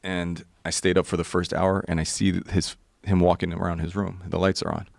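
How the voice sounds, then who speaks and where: A man's voice: low-pitched, flat delivery, a little fast, creaky, no room sound. A man in his forties telling a profane, vivid story as a podcast guest. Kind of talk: casual storytelling.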